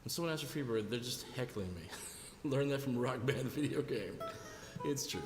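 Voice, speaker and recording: A man's voice: mid-range voice, animated, moderate pace. A man hosting a live music stream, chatting casually and jokingly with viewers between songs and greeting them by name. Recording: roomy sound with long reverb. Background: guitar music.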